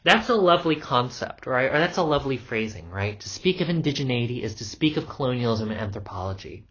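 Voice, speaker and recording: A man's voice: mid-range voice, expressive, fast, a bit bright, husky. A man lecturing on anthropology in a loose, casual way, full of ums and the odd swear word. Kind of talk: recorded lecture. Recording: dull lo-fi recording.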